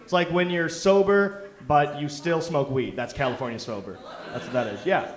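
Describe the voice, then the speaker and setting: Self-mocking young comic on a club stage. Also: male voice, on the high side, normal speed. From Detroit. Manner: loose, self-mocking, chuckles through lines. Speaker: stand-up comic. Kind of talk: stand-up set. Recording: roomy club sound.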